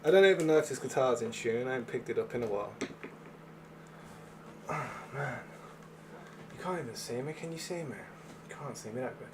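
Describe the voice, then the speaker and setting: A man's voice: medium pitch, lively intonation, a little fast, long pauses, heavy background noise. A man streaming from home, chatting casually into a desk mic in a rambling, slangy way. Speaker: gaming streamer. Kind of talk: casual live-stream chat. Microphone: desk microphone.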